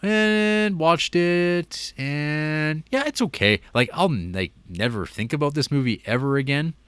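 A man's voice: medium pitch, big pitch swings, normal speed, fairly bright tone, dry recording. A North American man in a casual movie chat, rambling with lots of "like" and small laughs. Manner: rambling, many likes and laughs.

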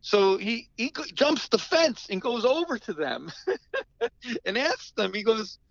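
A man's voice: very high-pitched, takes it slowly, gravelly, dry recording, muffled recording. Rambling, restart-prone man telling stories. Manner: rambling, animated, many restarts. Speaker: musician guest. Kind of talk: casual storytelling interview.

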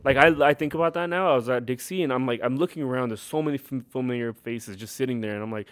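Podcast guest, twenties, Californian lilt, animated storyteller, dry studio mic. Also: male voice, mid-range voice, fast, no echo. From Thailand and California. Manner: animated, laughs often, many "like" fillers. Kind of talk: casual storytelling.

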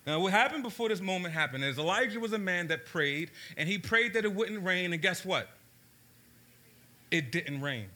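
A man's voice: sits high, expressive, moderate pace, pushed and bright. A man from Baltimore preaching a sermon to a live audience, engaging the crowd with questions and telling stories with shifting pace. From Baltimore, USA. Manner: storytelling, shifts pace for emphasis.

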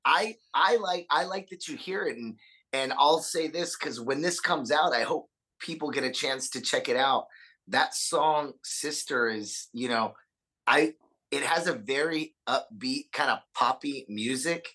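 Punk singer guest, man, bright forceful tone, earnest and halting, swears a lot. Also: medium pitch, husky, rough recording. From Austin, Texas. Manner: earnest, stammers and repeats words, swears freely. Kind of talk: casual podcast conversation.

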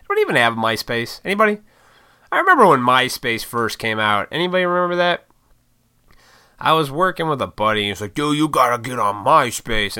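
A man's voice: fairly low pitch, pushed and bright, clean tone, dry recording, clean studio sound. A man in his thirties chatting on his own vlog, rambling and swearing casually with frequent laughs. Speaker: YouTuber and podcaster. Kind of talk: casual solo vlog chat.

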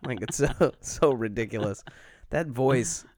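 A man's voice: medium pitch, unhurried, darkish tone, no echo, studio quality. A man chatting casually and jokingly, now and then slipping into silly voices. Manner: jokey, slips into silly put-on voices. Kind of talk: casual comedic chat.

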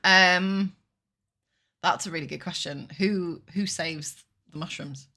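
A woman co-hosts a comedy podcast, trading quick, playful, deadpan quips. Her voice sits fairly low but sounds bright and clear-edged. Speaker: podcast co-host. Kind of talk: casual comedic chat.

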